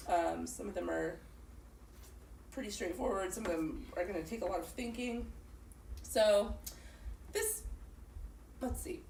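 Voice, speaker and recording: A woman's voice: mid-range voice, unhurried, vocal fry, long pauses, darkish tone, roomy sound. Woman host with a cold, chatty and giggly, distant mic with faint noise. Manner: chatty, laughs often. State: sick, congested. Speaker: podcast host and moderator. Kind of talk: casual chat.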